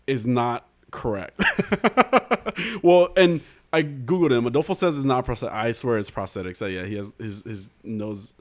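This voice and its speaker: A man's voice: mid-range voice, lively intonation, unhurried. A man co-hosting a podcast in casual chat, who laughs often and talks hesitantly with many fillers and restarts. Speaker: podcast co-host.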